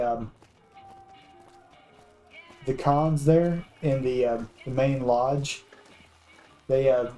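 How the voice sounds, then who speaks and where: A man's voice: mid-range voice, warm tone, rough recording. A man giving rambling, casual commentary over his video game playthrough. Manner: rambling, many fillers and restarts. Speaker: gameplay commentator. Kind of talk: casual let's-play commentary.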